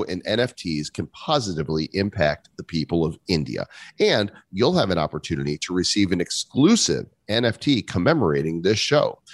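Low, lively-voiced podcast host. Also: male voice, no room sound. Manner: lively, jokey, laughs often. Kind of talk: scripted podcast intro and casual chat.

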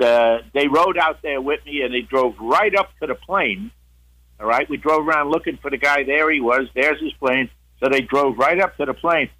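A man's voice: fairly high pitch, sharp tone, poor audio. An older man, a guest on the show, telling a long story in a casual way, with many restarts and acted-out quotes.

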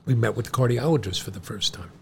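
A middle-aged man with a gravelly, low-set voice tells a story to his son, acting out the voices of the people in it. He leans into the quoted lines. There is a faint hiss under the recording. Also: fast talker. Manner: animated storyteller, acts out quoted doctors. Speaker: podcast co-host, John's father.

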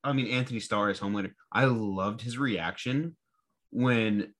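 A man's voice: lowish voice, moderate pace, fairly bright tone. A man co-hosting a podcast, chatting enthusiastically and acting out lines from a show. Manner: enthusiastic, acts out characters' lines. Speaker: podcast co-host. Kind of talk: casual chat.

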